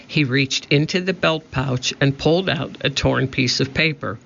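A man narrating a children's storybook with slow, measured reading. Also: medium pitch, gravelly, fairly bright tone. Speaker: audiobook narrator. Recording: dull lo-fi recording.

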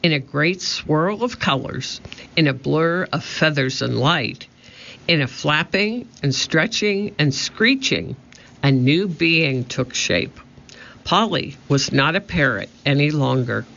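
Gravelly male storybook narrator. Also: fairly high pitch, slow pace. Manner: steady, expressive reading. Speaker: audiobook narrator. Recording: muffled lo-fi audio.

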